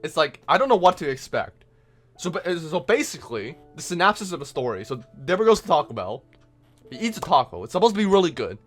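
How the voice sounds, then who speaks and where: A man ranting a profane, exasperated reaction review, swinging from shouted disbelief to low muttering. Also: sing-song, fairly quick, soft background music. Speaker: online reviewer.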